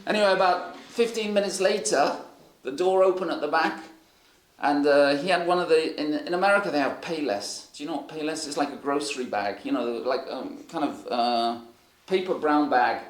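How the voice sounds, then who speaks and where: A man's voice: a little high, normal speed. A man preaching, telling rambling anecdotes full of fillers. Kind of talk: sermon storytelling. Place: church hall. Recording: echoey hall.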